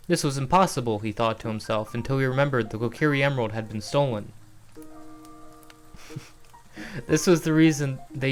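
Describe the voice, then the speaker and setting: A man streaming a casual read-aloud of his own novel, often chuckling at his writing and restarting lines. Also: mid-range voice.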